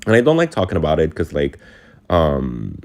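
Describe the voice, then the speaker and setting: Low-voiced young man rambling casually. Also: wildly swooping pitch, moderate pace, darkish tone. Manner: rambling, heavy filler words; emotional, confiding. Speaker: vlogger. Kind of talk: casual storytime vlog.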